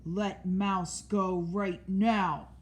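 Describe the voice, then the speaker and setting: A woman's voice: medium pitch, level tone, drawn-out words, slight background noise. A woman voicing a big, lazy, careless male bear with an offhand, mumbling manner.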